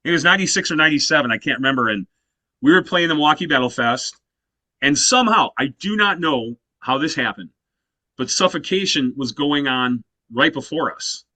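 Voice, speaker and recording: A man's voice: on the high side, expressive, brisk, pushed and bright, no echo. A man in his fifties, a guest musician in a casual interview, telling stories animatedly and leaning on "you know" fillers. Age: 50s.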